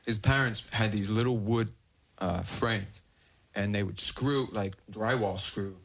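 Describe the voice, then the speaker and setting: A man's voice: lowish voice, unhurried, vocal fry. A man on a podcast telling a long prank story in casual, constantly swearing talk, often laughing through it. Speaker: podcast host. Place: podcast studio.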